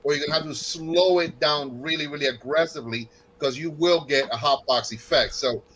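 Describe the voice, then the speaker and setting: A man from North Carolina with a Southern accent, co-hosting a casual cigar chat and telling stories with animated quoted voices. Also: a little high, a little fast, low-quality recording. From North Carolina, USA.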